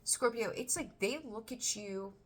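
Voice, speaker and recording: A woman's voice: mid-range voice, a little slow, a little hiss or hum. A woman giving a casual tarot reading, talking bluntly and chattily, swearing now and then. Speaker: tarot reader.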